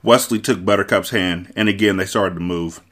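A man with a low voice reads a novel aloud for his book club podcast. He tells the story in a measured, steady way.

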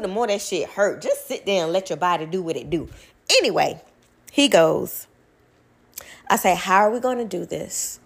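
A young woman, telling a personal story to her viewers in a blunt, animated way, swearing freely. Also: mid-range voice.

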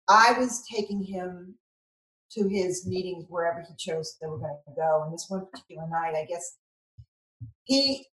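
A middle-aged woman, a mother, telling a personal story in conversation, earnest and halting, often restarting her sentences as the emotion comes through. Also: on the low side. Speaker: mother of son in addiction recovery, guest. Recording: roomy echo.

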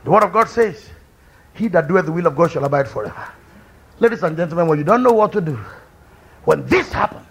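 A man preaching a fervent sermon, swinging from quiet speech to loud cries. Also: lively intonation, a little fast. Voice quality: high, gravelly and husky, with shouted peaks. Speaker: pastor.

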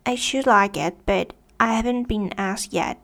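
Woman reading a polite young girl, slow and creaky. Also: mid-range voice, fairly bright tone. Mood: questioning. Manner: polite, questioning.

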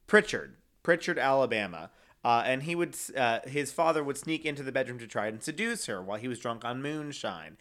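A young man talks through a true-crime story in a loose, casual way. He wanders, fills gaps with "uh" and "um", and reads quotes aloud in his ordinary middle-pitched voice. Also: expressive, brisk, fairly bright tone. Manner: rambling with many fillers, reading quotes aloud. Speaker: co-host.

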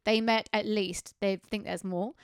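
A woman's voice: medium pitch, fairly even intonation, clean tone, no echo, studio quality. Woman telling true crime stories. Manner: brisk, conversational storytelling with casual asides. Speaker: podcast co-host. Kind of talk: true crime podcast chat.

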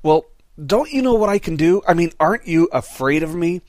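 Cocky, irritated devil, loud and raised-pitch challenges, as a preacher puts him on for a sermon joke. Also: male voice, animated, normal speed, no echo, clean studio sound, lightly acted. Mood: taunting. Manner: brash, challenging questions.

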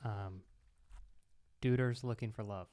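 A man's voice: lowish voice, fairly even intonation, slow, a little mellow, clean tone. A man co-hosting a podcast in casual chat, throwing out teasing one-liners. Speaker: podcast co-host.

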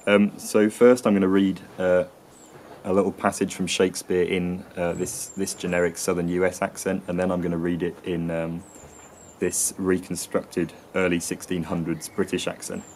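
A man's voice: low-pitched, little pitch movement, moderate pace, darkish tone, a little hiss or hum. A man hosting an educational talk about accents, hesitant and full of ums and restarts. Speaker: host explaining accents.

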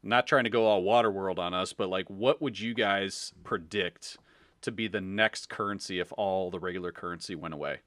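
Guy hosting a podcast, lowish voice, laughs a bunch, dry sound. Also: fairly quick, fairly bright tone, no echo. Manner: laughs a lot, playful questions. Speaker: podcast host. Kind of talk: casual group chat.

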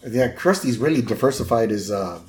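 A man talks through a cartoon episode in a relaxed podcast chat. His voice swings freely up and down as he acts out lines and sound effects. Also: mid-range voice, fairly quick, slight background noise. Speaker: podcast co-host. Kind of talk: casual episode recap chat.

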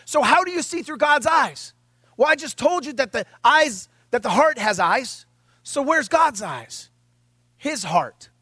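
A man with a notably high, light voice preaches in a loose, conversational way. He is animated and chatty, slipping in wry asides. The sound is close and dry, with no room around it. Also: dry recording. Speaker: pastor. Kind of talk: conversational sermon podcast.

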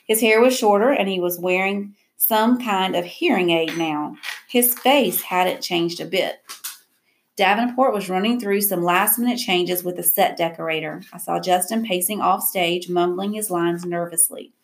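Audiobook narrator, woman, reflective first-person reading, gravelly tone. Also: fairly low pitch, moderate pace.

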